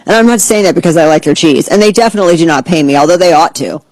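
A woman hosting a talk show, ranting in a sarcastic, animated way and slipping into mocking voices. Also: on the low side, rapid-fire, no echo, low-quality recording. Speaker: podcast host. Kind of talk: casual opinion commentary.

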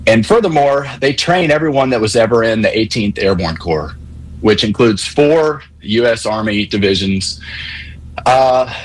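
A man calling in to a sports talk radio show, explaining things in a measured, methodical way. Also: medium pitch, lively intonation, rough recording. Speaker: caller.

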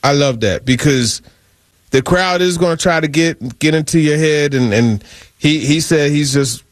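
Animated man on sports radio, dry studio sound. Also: on the high side, measured pace, no room sound. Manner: animated, emphatic, repeats words. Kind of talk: casual sports talk.

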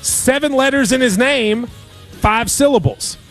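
A man's voice: extremely high pitch, unhurried, a bit bright, faint music behind. A man hosting a sports radio show, chatting casually about betting picks with wry, playful banter.

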